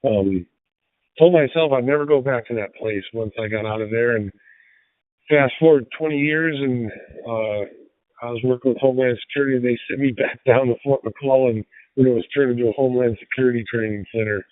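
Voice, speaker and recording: A man's voice: mid-range voice, brisk, dry recording. Older man, laid-back dry humor, ham radio chat, tinny phone-like sound, dry.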